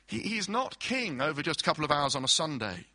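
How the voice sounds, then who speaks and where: A man's voice: fairly high pitch, very animated, fairly quick, bright, forceful tone, dry recording. A man preaching a sermon, explaining scripture through everyday illustrations and acted-out quotes.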